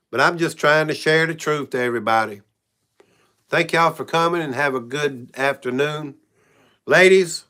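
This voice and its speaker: A man talks in a loose, rambling livestream. His voice is bright, clean and fairly high. He speaks frankly and keeps addressing his viewers. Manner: rambling, frank, frequent "y'all". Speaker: channel host. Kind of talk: casual livestream talk.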